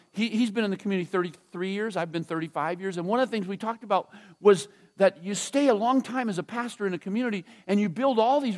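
A man, preaching as a pastor in a church, casual and halting, often dropping to a soft hush. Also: high voice. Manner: conversational, halting with restarts and fillers; drops to a soft hush when emotional. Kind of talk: sermon.

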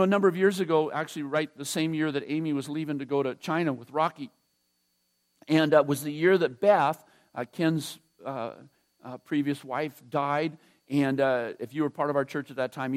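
A man, preaching as a pastor in a church, casual and halting, often dropping to a soft hush. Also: medium pitch. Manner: conversational, halting with restarts and fillers; drops to a soft hush when emotional. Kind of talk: sermon.

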